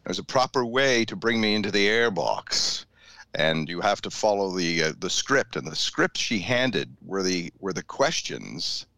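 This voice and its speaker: A low-pitched man who tells stories with a lively, swooping voice and laughs as he goes. The sound is dry and close, with no room around it. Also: unhurried, creaky, no echo. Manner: storytelling, laughs often. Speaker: show co-host. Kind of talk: casual chat.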